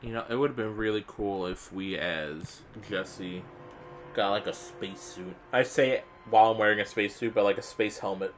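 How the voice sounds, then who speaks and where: A man's voice: lowish voice, normal speed, faint music behind. A young man giving rambling, casual let's-play commentary, swearing freely and reading game text aloud. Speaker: game streamer.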